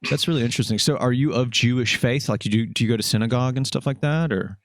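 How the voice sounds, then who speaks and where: A man hosting a casual interview who asks relaxed, direct questions. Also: medium pitch, fast talker, dry recording, clean studio sound. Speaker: podcast host.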